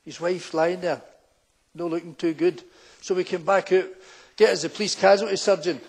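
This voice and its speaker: A man's voice: high voice, steady tone, moderate pace, breathy edge. A Scottish man with a Glaswegian accent, an older former policeman, doing live stand-up storytelling on stage and acting out the people in his anecdotes in broad local dialect. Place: town hall stage before a full house.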